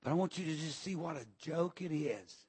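Middle-aged male preacher, husky high voice, shouts between amens, rambling revival sermon. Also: a little fast.

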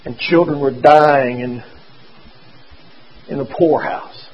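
A man's voice: mid-range voice, takes it slowly, lo-fi sound. A man telling a story in a folksy sermon, repeating himself as he goes.

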